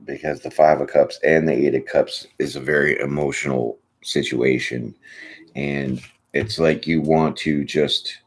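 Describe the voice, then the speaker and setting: Guy doing a laid back tarot reading, husky gravelly voice, jokey and laughing a lot. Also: very deep voice, steady tone, unhurried. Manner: chatty, laughs often, jokes and acts out little bits. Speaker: tarot reader. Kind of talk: casual live tarot reading.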